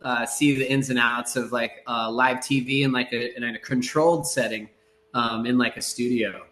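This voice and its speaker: A middle-aged man chatting as a podcast guest, telling rambling, relaxed stories with many fillers and acted-out quotes. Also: medium pitch, normal speed, roomy sound, a little hiss or hum. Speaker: surf broadcaster, podcast guest. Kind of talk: casual storytelling in a podcast interview.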